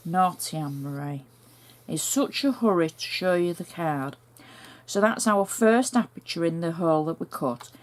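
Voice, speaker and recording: A woman with a northern English accent talking through a card-making project step by step in a chatty, homely way. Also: lowish voice. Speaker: crafter demonstrating a card project. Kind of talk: step-by-step craft tutorial.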